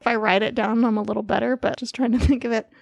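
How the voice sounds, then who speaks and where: A woman's voice: on the high side, steady tone, fast, vocal fry, no room sound. Nasal-voiced woman co-hosting a chatty podcast. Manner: chatty, laughs easily, loose and informal. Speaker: podcast co-host. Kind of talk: casual podcast chat.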